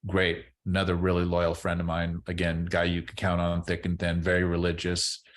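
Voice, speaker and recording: A man's voice: sits low, completely flat delivery, normal speed. A middle-aged man, a former ballplayer, chatting loosely as a podcast guest, rambling and repeating words as he restarts his sentences. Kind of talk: casual interview chat.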